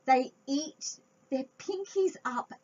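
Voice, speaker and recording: A woman reading a picture book aloud to young children, expressive and chatty with her listeners. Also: high voice, slow. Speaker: children's storytime reader. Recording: dull lo-fi home recording.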